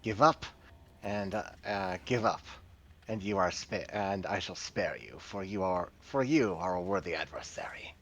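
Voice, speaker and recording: A man's voice: low voice, a bit bright, heavily acted. A man doing a stern warrior woman granting mercy. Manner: halting, restarts mid-line.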